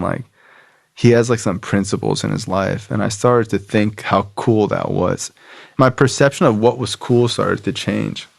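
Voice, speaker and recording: A man with a low, gravelly voice tells his story on a podcast. He talks loosely and swears freely, leans on fillers, and slips into quoted voices. The sound is dry and close. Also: no echo. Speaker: podcast guest. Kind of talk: casual storytelling about recovery.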